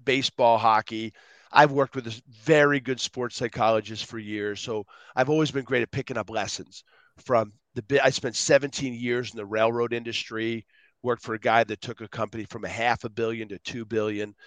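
Middle-aged male guest, animated rambling storyteller, mid pitch, dry recording. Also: normal speed, no echo. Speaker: guest speaker. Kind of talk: casual interview storytelling.

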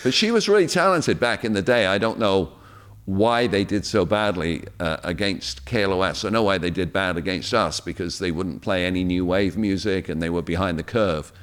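English male radio personality, deep low voice, chatty anecdotal delivery. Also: normal speed. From England. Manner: lively storyteller, acts out quotes. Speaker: guest radio DJ. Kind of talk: casual chat, anecdotes.

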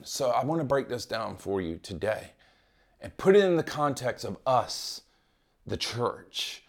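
Impassioned male pastor preaching. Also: medium pitch. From United States. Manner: impassioned preaching with rhetorical questions and swings between loud and hushed. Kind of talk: sermon. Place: church gathering.

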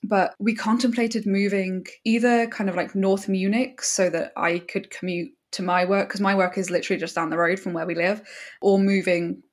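A woman's voice: mid-range voice, little pitch movement, normal speed. Chatty, laughing English woman. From England. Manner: chatty, laughs often, many "like" fillers. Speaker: guest. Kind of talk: casual interview chat.

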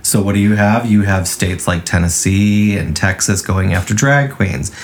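A man's voice: low-pitched, normal speed. A man co-hosting a casual podcast, ranting with heavy profanity. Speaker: podcast co-host. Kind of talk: casual chat.

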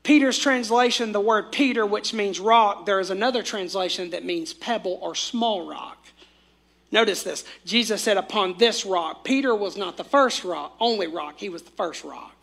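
Pastor, male, very high bright voice, fervent sermon delivery with call-and-response. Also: moderate pace, vocal fry. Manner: fervent, calls on the congregation to repeat after him.

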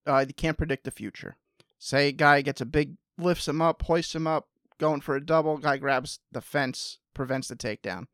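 A man's voice: on the high side, fairly even intonation, normal speed, a bit bright, no room sound, studio quality. A man co-hosting a podcast in casual chat, agreeable and stumbling over his words now and then. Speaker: podcast co-host.

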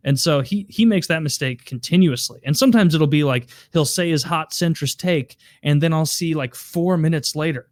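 A man's voice: fairly high pitch, dry recording. A man talking bluntly and profanely about politics in a casual chat. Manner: blunt, profane, fast and emphatic.

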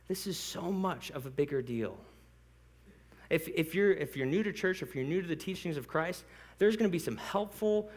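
Lively high-voiced joking male pastor. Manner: animated and joking, laughs often; conversational, addresses the congregation directly. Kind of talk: sermon.

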